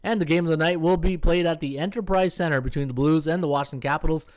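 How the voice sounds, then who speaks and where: Talking fast in a slightly high, darkish voice, a middle-aged podcast host goes through sports betting odds and picks while chatting with his live audience. His throat is sore and worn, and his voice is starting to give out.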